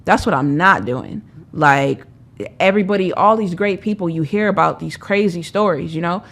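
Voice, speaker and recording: A young woman telling her life story as a podcast guest, emphatic and animated, acting out the voices of people she quotes. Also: fairly low pitch, moderate pace. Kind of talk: candid storytelling.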